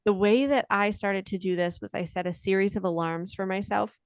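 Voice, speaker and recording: Animated woman, dry close sound. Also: medium pitch, a little fast, smooth, no room sound. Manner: animated, acts out quoted lines. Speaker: parenting expert guest. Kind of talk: conversational interview. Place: podcast interview.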